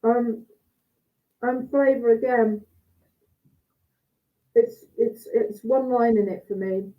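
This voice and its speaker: Taking it slowly in a voice on the high side, a woman judges cheese over a video call. She's chatty, voicing her thoughts as she tastes and cuts, and the call audio is tinny and phone-like.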